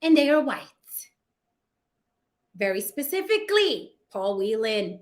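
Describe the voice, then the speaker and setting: A woman delivers casual opinion commentary with a sassy, profane edge, talking straight to her viewers. Her voice sits high and bright, and she takes her time over each point. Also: expressive, measured pace. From United States. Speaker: commentary vlogger.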